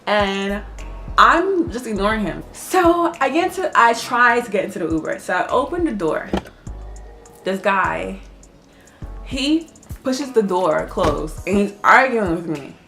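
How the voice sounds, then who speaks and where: A woman telling a personal story in a casual vlog, animated, laughing often and swearing freely. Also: medium pitch, unhurried, vocal fry, over music.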